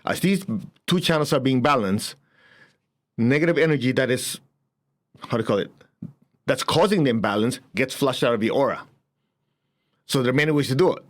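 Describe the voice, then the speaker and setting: A man's voice: medium pitch, brisk, long pauses. A man teaching a spiritual class, telling stories with frequent chuckles and acting out the people he quotes. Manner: animated storytelling, chuckles often, acts out quotes.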